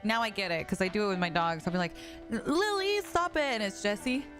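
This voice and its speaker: Talking quickly in a mid-range voice, a young woman games on a livestream and keeps up casual chatter with her audience. She swears and laughs frequently, and there is music in the background.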